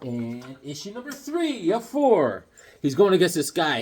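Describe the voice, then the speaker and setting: A slightly high, husky male voice tells an unhurried, casual childhood story while showing comics from his collection. Along the way he animatedly acts out yelps and other voices.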